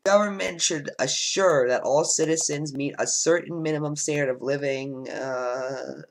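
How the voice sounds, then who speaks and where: A man's voice: on the high side, a little slow, creaky, low-quality recording. Casual man reading a quiz aloud. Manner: reads statements then answers bluntly, with frequent ums. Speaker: let's play host.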